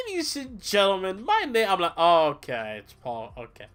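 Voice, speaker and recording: A young man casually reviewing a wrestling show on a livestream, rambling, swearing and tired from little sleep. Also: on the high side. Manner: rambling, animated, swears, mimics people in quotes.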